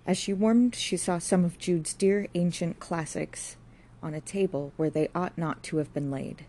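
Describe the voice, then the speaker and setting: Low, mellow woman narrating a classic novel. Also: fairly even intonation, unhurried. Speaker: audiobook narrator.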